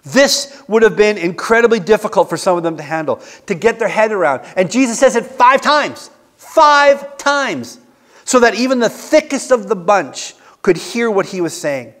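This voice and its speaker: High-voiced preaching man in an echoing church. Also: expressive, normal speed, a bit bright. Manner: earnest, emphatic preaching with rhetorical questions. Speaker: pastor. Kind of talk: sermon. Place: church sanctuary.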